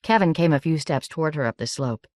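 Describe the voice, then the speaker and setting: A woman narrating an audiobook in a measured, steady reading. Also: deep voice, dry recording, studio quality.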